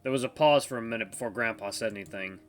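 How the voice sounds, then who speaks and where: A man's voice: medium pitch, fast talker, soft background music. A young man hosting a gaming channel, reading a visual novel aloud in a playful, jokey way. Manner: playful, jokey, laughs often.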